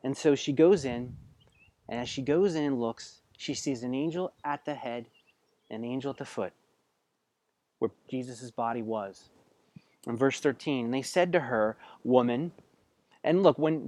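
A man preaching a sermon in a conversational way, asking his listeners direct questions and swinging between hushed passages and loud, emphatic bursts. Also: mid-range voice, no room sound. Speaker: pastor.

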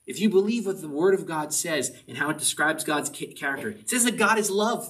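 A man's voice: fairly high pitch, expressive, brisk, hardly any pauses, a bit bright. A man preaching a sermon as pastor, earnest and driving his point home with short repeated commands. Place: church service. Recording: voice a bit distant from the mic.

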